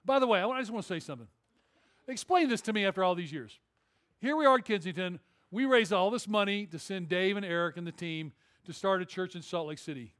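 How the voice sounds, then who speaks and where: A man's voice: high-pitched, animated, quick pace, a bit bright. A man preaching a sermon, telling a humorous story and then building to emphatic, rising appeals. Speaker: pastor.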